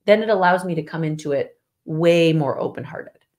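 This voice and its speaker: A woman with a low, somewhat dark voice speaks at a moderate pace. She co-hosts a podcast with her husband, chatting casually and emphatically and laughing often.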